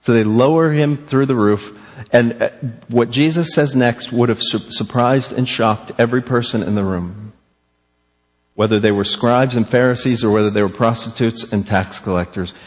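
Preacher in a reverberant hall. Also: male voice, mid-range voice, normal speed. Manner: animated, rhetorical questions, acts out quotes. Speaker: pastor. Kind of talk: sermon.

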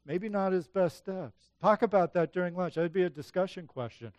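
Higher-voiced man preaching conversationally. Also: moderate pace, darkish tone, dry recording. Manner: conversational Bible teaching, dramatizing quoted lines. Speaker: pastor. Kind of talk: sermon.

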